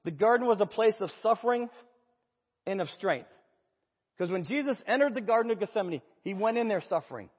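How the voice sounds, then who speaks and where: A man preaching a sermon, telling stories and dropping low and quiet for the lines he quotes. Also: lively intonation, fairly quick, husky, long reverb tail, lo-fi sound.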